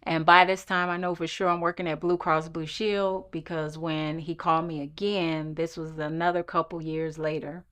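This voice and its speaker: A woman's voice: low voice, level tone, moderate pace, few pauses, fairly bright tone. A woman recounting a long legal fight in an earnest, emphatic personal testimony. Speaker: storyteller recounting her lawsuit.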